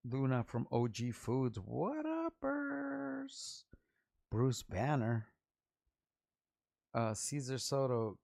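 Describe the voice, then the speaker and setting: A middle-aged man from Los Angeles, a rapper hosting his own vlog, telling loose, profane, rambling stories full of quick asides. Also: on the low side, a little mellow, no room sound, studio quality. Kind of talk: casual storytelling to camera.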